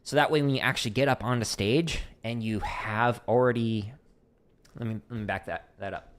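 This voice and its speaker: A man from Arizona teaching drumming on a casual livestream, talking in a relaxed, rambling way with lots of fillers. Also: medium pitch, normal speed. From Arizona, USA. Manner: relaxed, chatty, many fillers, counts strokes aloud. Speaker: drum teacher streaming Q&A.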